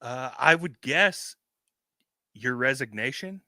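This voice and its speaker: A man co-hosting a casual podcast. His voice is very bright and sharp, and he cracks slow, dry jokes. The sound is dry and close. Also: medium pitch, expressive, dry recording. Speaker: podcast co-host. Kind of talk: casual chat.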